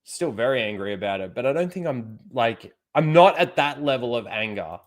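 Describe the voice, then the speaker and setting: A man's voice: medium pitch, expressive, moderate pace. A man hosting a casual livestream, swearing freely and chuckling often. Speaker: livestream host.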